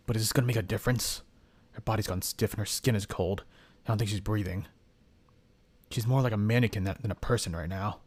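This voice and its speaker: A man's voice: fairly low pitch, close to an everyday voice. A man voicing a frightened young male protagonist as he reads game dialogue aloud, stammering through anxious self-talk.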